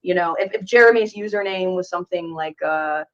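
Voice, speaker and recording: A woman's voice: lowish voice, brisk. Earnest young woman, muffled clip. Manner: earnest, explanatory, many fillers. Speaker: content creator. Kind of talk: explaining in casual talk.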